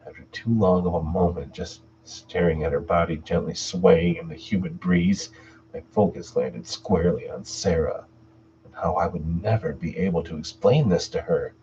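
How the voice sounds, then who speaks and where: A man hosts a live stream where he narrates horror stories and casually chats with viewers in between, speaking at normal speed in a low, dark-toned voice. The recording sounds dull and lo-fi from a distant mic, carrying a little hiss or hum.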